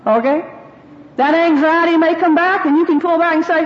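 High-voiced woman teaching in an echoey hall. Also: expressive, fairly quick. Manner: folksy, personal anecdotes and quoted prayers. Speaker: women's Bible teacher. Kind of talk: teaching talk to women. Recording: dull, roomy hall sound.

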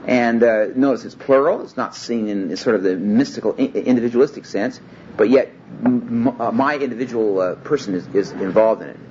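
A man's voice: medium pitch, fairly quick, a little mellow. A man giving an expository Bible lecture, emphatic and often stopping to restart his sentences. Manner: emphatic, hesitant with many restarts. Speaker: Bible teacher. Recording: dull lo-fi recording with faint room hum.

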